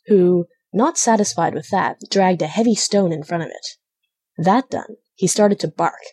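Husky-voiced woman reading a storybook. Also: medium pitch. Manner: steady, even storytelling. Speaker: audiobook narrator. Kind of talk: scripted narration.

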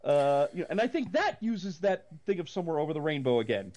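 A man, possibly middle-aged, co-hosting a casual movie chat, rambling with many restarts and breaking into animated rants. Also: on the high side, quick pace. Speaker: podcast co-host.

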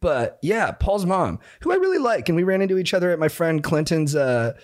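Laughing his way through stories, this male podcast co-host chats casually and with animation. He talks briskly in a voice that sits high.

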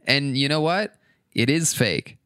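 A man talks loosely on a podcast, swearing freely and joking as he spins a story. His voice is bright and forward, and the close mic keeps it dry. Mid pitch, with quick bursts of energy. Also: clean tone, no room sound. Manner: profane, animated, joking. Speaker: podcast guest. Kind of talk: casual chat, storytelling.

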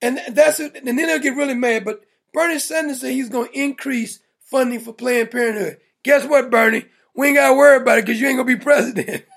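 A man's voice: very high-pitched, brisk, gravelly, a bit bright. A man hosting a political commentary show, mocking and blunt, laughing at his own jokes. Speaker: show host.

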